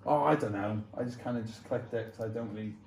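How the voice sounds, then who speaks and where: A man's voice: on the low side, fast talker, gravelly, darkish tone. A young man hosting a casual game video, playfully reading out questions and swearing freely. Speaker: video host. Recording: roomy echoey room sound.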